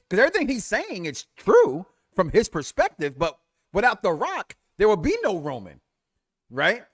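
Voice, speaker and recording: A man co-hosting a wrestling talk show, chatting casually in a lively, joking way with stammered restarts. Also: high voice, moderate pace, no echo, studio quality. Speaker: wrestling podcast co-host. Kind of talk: casual barbershop-style chat.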